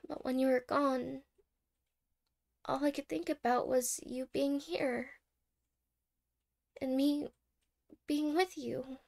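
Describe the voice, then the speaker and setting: In a whispered role-play, a woman plays a clingy, anxious young girlfriend who keeps stammering and apologizing. Her voice sits high and carries a gravelly fry. She speaks slowly and softly. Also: steady tone, exaggerated voice. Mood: anxious, teary. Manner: soft-spoken, stammering, apologetic. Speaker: ASMR role-play creator.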